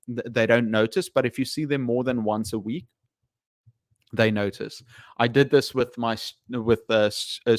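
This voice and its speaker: Male English teacher chatting on a live stream; hesitant, lots of fillers, smooth tone. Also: medium pitch, dry recording, studio quality. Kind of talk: casual live stream chat.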